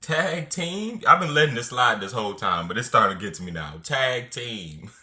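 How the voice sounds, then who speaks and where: A man's voice: on the low side, expressive, rapid-fire, bright, forceful tone. A man commenting on a clip with incredulous, joking interjections. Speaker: reaction commentator. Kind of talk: reacting to a clip.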